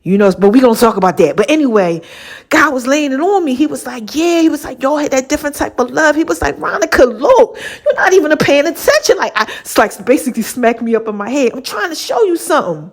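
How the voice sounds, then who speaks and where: A woman with a fairly high voice talks straight to her listeners in a loose, chatty storytelling style. She is lively and expressive and keeps acting out old conversations line by line. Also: fast talker. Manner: animated, acts out both sides of conversations; chatty, addresses listeners as baby and child. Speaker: podcast host. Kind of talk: casual storytelling monologue.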